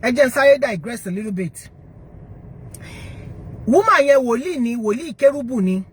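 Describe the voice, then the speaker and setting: Emphatic high-voiced Nigerian woman. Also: very animated, fairly quick, breathy edge. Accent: Nigerian, Yoruba. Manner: switching between English and Yoruba, emphatic, rhetorical questions. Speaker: online motivational speaker. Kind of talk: live-stream commentary to viewers.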